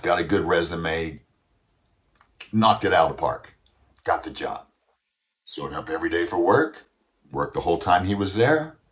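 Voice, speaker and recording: A man with a deep, low voice giving an emphatic motivational talk. He urges the listener on, slows down to stress his key points, and tells a story along the way. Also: fairly bright tone. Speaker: host, motivational speaker.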